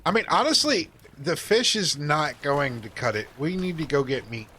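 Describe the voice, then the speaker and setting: A man casually chatting while streaming a game, joking and self-deprecating, thinking out loud. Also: fairly high pitch, very animated, moderate pace, slight background noise. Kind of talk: casual live-stream chat.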